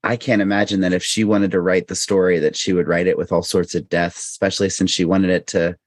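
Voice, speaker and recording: A man's voice: deep voice, level tone, quick pace, no echo. A man chatting as a podcast guest, earnest and questioning, often restarting his sentences. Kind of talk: casual podcast chat.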